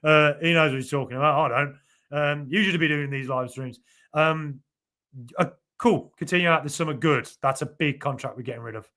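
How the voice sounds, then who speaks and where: A man's voice: on the high side, a little fast, bright, forceful tone. A man hosting a football podcast live stream, chatting casually and reading out viewer comments in a rambling way with lots of fillers.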